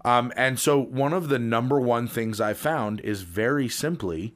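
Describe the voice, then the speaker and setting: A man's voice: medium pitch, measured pace, a bit bright. A man co-hosting a casual podcast, rambling with many fillers and setting up pun jokes. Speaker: podcast co-host. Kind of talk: casual chat.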